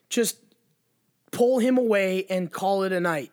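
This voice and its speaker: A man with a notably high voice spins a story in a casual chat. He swears freely and leans hard on his words, animated and emphatic throughout. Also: normal speed.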